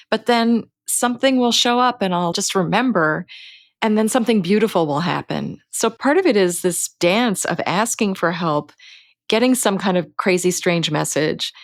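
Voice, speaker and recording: A middle-aged woman, a guest author, telling personal stories in an earnest, unhurried way. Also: medium pitch, no room sound, clean studio sound. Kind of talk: reflective personal storytelling.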